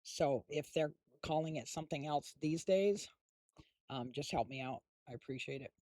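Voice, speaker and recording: A man's voice: a little high, moderate pace, darkish tone, no echo. A middle-aged man hosting a live stream, chatting casually and rambling with lots of fillers while snacking. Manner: eating while talking. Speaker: streamer host.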